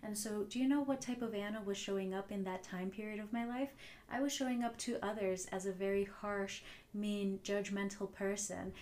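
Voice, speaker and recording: A woman's voice: mid-range voice, fairly even intonation, normal speed, darkish tone, slight background noise. Earnest woman hosting a motivational podcast. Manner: earnest, reflective, repeats phrases for emphasis. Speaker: podcast host. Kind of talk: solo motivational podcast talk.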